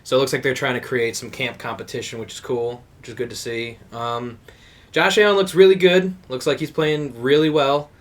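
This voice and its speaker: Young male co-host, loose and animated, mic set a bit back. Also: medium pitch, moderate pace, distant mic. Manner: animated storyteller, laughing, swears casually. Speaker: podcast co-host. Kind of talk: casual chat.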